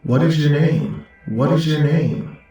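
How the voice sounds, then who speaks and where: A man voicing an eerie entity that mimics a man's voice, speaking in a slow, flat, insistent way with an echo effect. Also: mid-range voice, soft background music. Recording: heavy echo on the voice.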